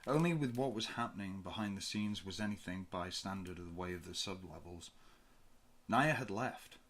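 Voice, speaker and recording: A man reads a fan-made science-fiction audiobook in a low, steady voice. His narration is measured and even, with pauses between phrases.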